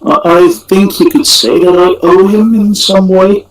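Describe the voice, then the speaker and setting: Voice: mid-range voice, steady tone, measured pace, poor audio. A player speaking in character during a tabletop game, blunt and direct. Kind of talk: in-character play.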